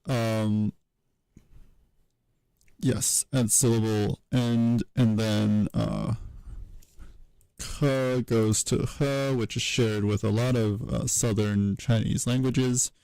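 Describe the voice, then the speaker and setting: A man giving a casual livestream tutorial, thinking aloud at his computer in a halting way, with many fillers and self-corrections. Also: lowish voice, gravelly, dark tone, smooth, dry recording, low-quality recording. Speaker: streamer teaching historical linguistics.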